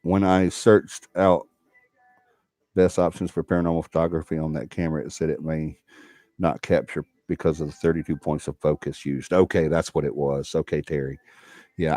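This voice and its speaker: A very low-voiced man with a drawl hosts a casual livestream, folksy and chatty as he reads comments from viewers. The sound is dry and close, with no room around his voice. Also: steady tone, fairly quick, a little mellow, dry recording. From Alabama. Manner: chatty, folksy, laughs often. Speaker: paranormal livestream host.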